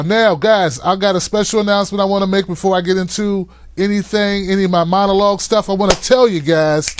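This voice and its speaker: Male live-stream host, playful and hyped, high-voiced, dry sound. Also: fairly even intonation, fairly quick, few pauses, smooth, dry recording. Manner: hyped, playful, hollers shout-outs to viewers. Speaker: host of a call-in show. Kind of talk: live-stream talk show monologue.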